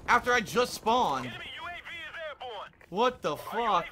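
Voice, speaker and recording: A man's voice: sits high, very animated, unhurried, long pauses, noisy background. A young man commentating his own gameplay, ranting and swearing in exasperation. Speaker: gaming commentator. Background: faint gunfire from the game.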